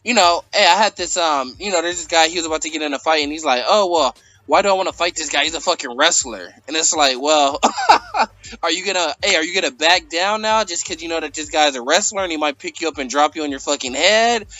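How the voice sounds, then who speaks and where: A man's voice: fairly high pitch, quick pace, bright, forceful tone, highs cut off. A man hosting a casual, profane chat, telling stories loosely and padding them with fillers. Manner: loose, filler-heavy storytelling. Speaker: host.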